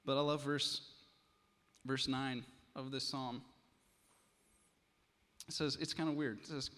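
Male pastor, mid-pitched voice, dramatic storyteller, long echo in the church hall. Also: steady tone, slow, pauses often, fairly bright tone. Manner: dramatic storytelling, then earnest preaching. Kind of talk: sermon.

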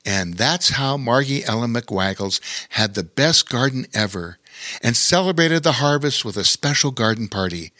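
A man narrating a children's story with lively, expressive delivery. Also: mid-range voice, normal speed, no room sound, studio quality.

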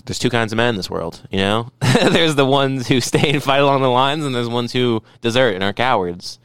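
A man with a smooth, resonant voice teasing his co-host in casual podcast banter. He keeps a laughing, mock-sincere tone throughout. The sound is dry and close. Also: mid-range voice, moderate pace, a bit bright, no echo.

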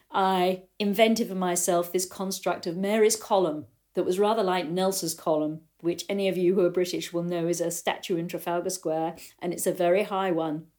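Older woman riding coach, low voice. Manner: thoughtful, storytelling, animated quotes. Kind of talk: reflective spoken talk to riders.

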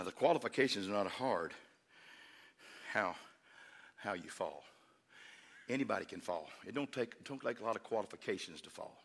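A pastor preaching a sermon in a church, with a rhythmic, repetitive cadence and call-outs to the congregation. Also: male voice, fairly low pitch. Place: church sanctuary. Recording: long hall reverb with instrumental music. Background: instrument playing under the sermon.

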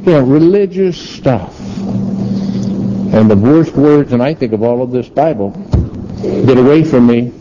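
A man preaching a sermon, emphatic and full of rhetorical questions, swinging between low and high passages. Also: unhurried, long pauses. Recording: dull lo-fi sound with steady noise.

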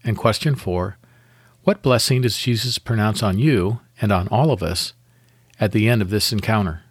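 A man with a fairly low voice leads listeners through a guided devotional meditation. He reads in a calm, measured, unhurried manner. The sound is dry and close, with no room around it. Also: slightly rough, no echo. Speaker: devotional podcast host.

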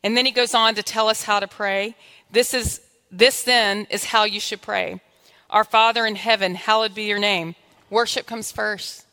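A woman's voice: medium pitch, steady tone, moderate pace, pushed and bright, clean tone. A woman preaching a sermon in a church, telling stories animatedly and acting out her own dialogue with God. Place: church sanctuary. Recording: long hall reverb.

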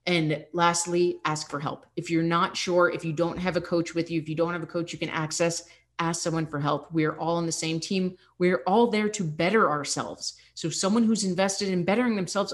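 A woman's voice: fairly low pitch, fairly even intonation, normal speed. A young adult woman fitness coach hosting a podcast, talking candidly and encouragingly, with laughs slipping in. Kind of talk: casual motivational podcast talk.

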